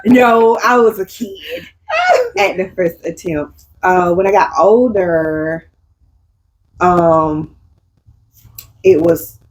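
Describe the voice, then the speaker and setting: Woman co-host, lively swooping pitch, animated storyteller who acts out quotes. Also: very slow, long pauses, slight background noise, rough recording. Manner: animated storytelling, acting out quotes, laughs often. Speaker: podcast co-host. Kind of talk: casual chat.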